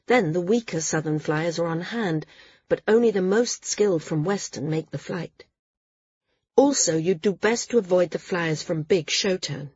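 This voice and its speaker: A woman voicing a seasoned woman flyer who gives measured, frank advice in a storybook reading. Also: lowish voice, a little mellow, husky, no echo, muffled recording. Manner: measured, advising.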